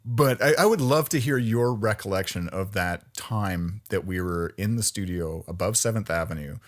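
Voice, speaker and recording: A man's voice: lowish voice, moderate pace. A man hosting a podcast, talking in an easygoing way and laughing often. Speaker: podcast host. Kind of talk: casual chat.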